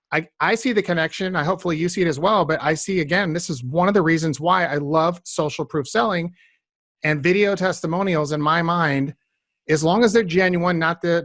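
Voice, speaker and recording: Male podcast host, slightly high voice, dry close sound, addresses listeners, storytelling. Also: fairly bright tone, no room sound. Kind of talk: conversational interview.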